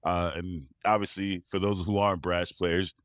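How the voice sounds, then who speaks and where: A man, a tuba player, telling personal stories as a guest, animated and often laughing. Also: deep voice, normal speed, dry recording, studio quality. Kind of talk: interview storytelling.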